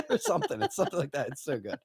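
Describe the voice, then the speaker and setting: A podcast co-host in loose, casual chat, retelling stories and acting out what other people said. The voice is mid-pitched and swings widely in melody, with frequent laughter. The recording is close and dry. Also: creaky, breathy edge, no room sound. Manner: animated storyteller, laughs often, acts out quotes.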